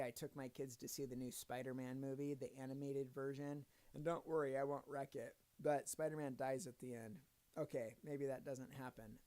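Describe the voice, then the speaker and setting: A father in his thirties or forties, speaking in Christian videos, gives a casual devotional talk with earnest storytelling and joking asides. His voice is medium-pitched and darkish.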